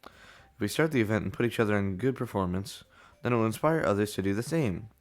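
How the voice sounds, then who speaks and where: A man voicing a poised young woman club president with a put-on British accent, calm and encouraging. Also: on the low side, fairly quick. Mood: reassuring. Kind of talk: voicing a visual novel.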